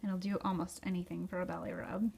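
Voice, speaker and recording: A woman's voice: on the low side, flat delivery, fast, gravelly, a little mellow, slight background noise. A young woman talking casually in a home video, chatty and full of fillers, who slips into baby talk with her dog. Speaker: vlogger. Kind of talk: casual vlog. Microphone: phone camera.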